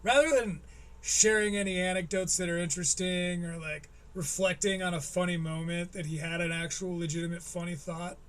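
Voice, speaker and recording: A man's voice: sits high, fairly even intonation, a little fast, fairly bright tone. A man hosting a live stream, giving sarcastic, profane commentary on a clip he is watching. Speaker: host.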